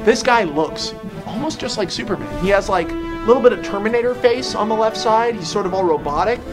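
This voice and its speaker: A man telling a story for laughs, excitable and profane, often breaking into shouts. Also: high-pitched, brisk. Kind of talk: comedic storytelling. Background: music.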